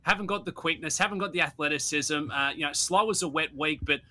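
Bright husky Scottish man bantering. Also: a little high, fast talker. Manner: lively banter, calls people mate. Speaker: sports radio host. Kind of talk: casual sports banter.

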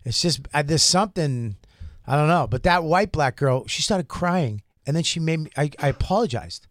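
Man, podcast co-host, lively swooping voice, dry close sound, crude storytelling. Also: a little high, moderate pace, dry recording. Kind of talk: casual chat.

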